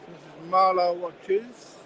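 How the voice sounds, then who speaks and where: A man's voice: sits high, flat delivery, takes it slowly, bright, forceful tone, a little hiss or hum, low-quality recording. A man hosting a live stream, chatting enthusiastically as he walks around a watch fair and asks exhibitors questions. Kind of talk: casual walk-around commentary. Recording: crowd chatter from a busy fair.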